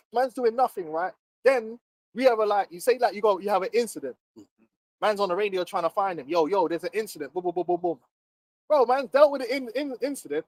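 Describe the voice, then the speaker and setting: A man's voice: high-pitched, no echo, rough recording. A man on a casual livestream, ranting emphatically with plenty of profanity. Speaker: livestream co-host. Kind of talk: casual heated chat.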